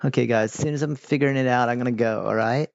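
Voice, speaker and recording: A man's voice: mid-range voice, fairly even intonation, fast, gravelly, no echo. A man casually commenting while he plays a video game, chatty and distracted, talking back to the characters. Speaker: gaming streamer. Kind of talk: casual let's-play commentary. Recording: dull lo-fi mic.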